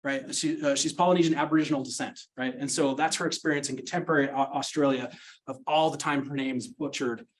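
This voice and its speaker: A man's voice: mid-range voice, fairly even intonation, fast, rough recording. A middle-aged man from Utah, a sociology teacher giving an earnest, reflective conference presentation. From Utah, United States. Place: conference breakout room.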